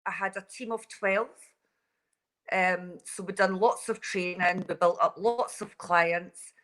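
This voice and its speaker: Scottish lady in her 40s calling in on her mobile, chatty, laughs easy, crisp bright voice. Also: on the low side, fairly even intonation, takes it slowly, poor audio. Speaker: guest. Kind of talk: casual call-in chat. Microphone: mobile phone over wireless.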